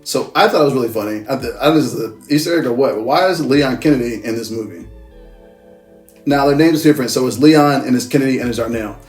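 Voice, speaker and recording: A fast-talking man with a mid-range voice reviews a movie, rambling through a loose, profane plot recap. He corrects himself often, and faint music sits in the background.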